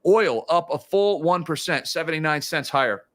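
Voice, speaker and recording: A man's voice: a little high, animated, moderate pace. A man hosting a casual livestream of market commentary, chatty and given to sarcastic asides. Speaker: financial commentary host.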